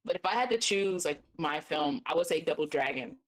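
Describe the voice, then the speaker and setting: A woman's voice: deep voice, expressive, brisk, low-quality recording. A woman who is a guest reviewer, chatting in a bubbly, casual way that is full of "like.". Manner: bubbly, heavy use of "like". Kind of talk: casual chat.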